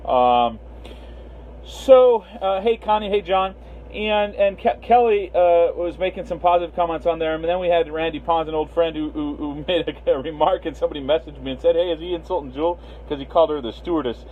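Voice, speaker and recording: A man with a slightly high, brisk voice hosts a casual livestream from Las Vegas. He rambles with lots of fillers and greets viewers by name, and the audio sounds tinny like a phone line, with faint hiss.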